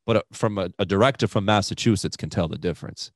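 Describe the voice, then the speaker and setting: A man's voice: low voice, fast, dry recording, studio quality. A young man with a Rhode Island accent, a stand-up comedian chatting casually on a podcast in profane, self-deprecating rants.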